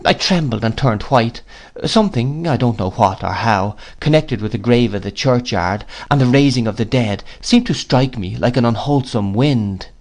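A man narrating an audiobook of a classic novel in a measured, expressive storytelling manner. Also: mid-range voice. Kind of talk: audiobook reading.

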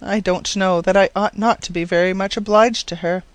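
Brief: reader doing a practical, dry-witted shopkeeper woman in an audiobook, brisk delivery, dry close sound. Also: mid-range voice, steady tone, no echo, lightly acted. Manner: dry, hurried. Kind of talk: audiobook reading.

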